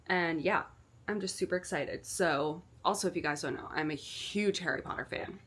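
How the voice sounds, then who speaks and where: A young woman chats straight to her camera in a relaxed vlog, her voice sitting a little low. She talks loosely and keeps dropping in "like" as she goes. The tone is casual and personal. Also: normal speed, a little hiss or hum. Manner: chatty, with frequent "like" fillers. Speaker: actor and vlogger.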